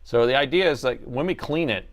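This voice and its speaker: A man with a mid-range voice and a fairly quick pace hosts a laptop repair livestream. He chats casually with viewers and laughs often while he works.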